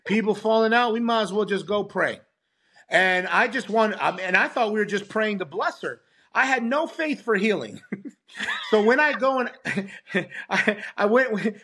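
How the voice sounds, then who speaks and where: A man, a pastor, telling a testimony as a podcast guest and acting out the voices of the people in it. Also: high-pitched. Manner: animated, acts out quoted voices. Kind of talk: storytelling testimony.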